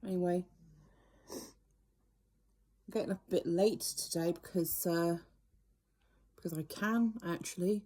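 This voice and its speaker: Chatty older woman, mellow voice. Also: fairly low pitch, steady tone, unhurried, long pauses, low-quality recording. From United Kingdom. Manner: chatty and wry, rambling asides. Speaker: vlogger. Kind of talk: casual monologue.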